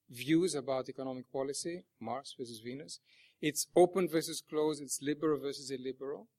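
A man giving an academic presentation, measured and fond of rhetorical questions. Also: on the high side. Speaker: panel speaker and chair.

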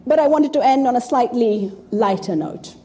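A woman's voice: a little high, expressive, normal speed, warm tone. A woman in her fifties giving an informal talk to an audience, blunt, profane and sarcastic. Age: 50s. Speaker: speaker addressing an audience.

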